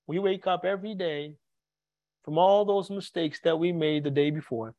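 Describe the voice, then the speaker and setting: A male pastor delivers a sermon in a rather high voice. He speaks earnestly and repeats words as he searches for the next thought. The sound is dry and close, with no room echo. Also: moderate pace, vocal fry, warm tone, highs cut off.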